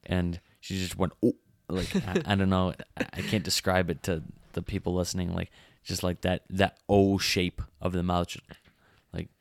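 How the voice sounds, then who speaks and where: A young man co-hosting a podcast, talking in a casual, soft-spoken and hesitant way, with frequent restarts. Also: sits low, normal speed, gravelly, no echo, clean studio sound. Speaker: podcast co-host. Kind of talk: casual chat.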